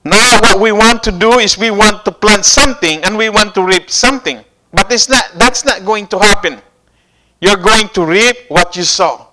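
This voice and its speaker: A man's voice: high-pitched, moderate pace, pushed and bright, rough recording. A man preaching a sermon, asking the congregation questions and repeating key phrases.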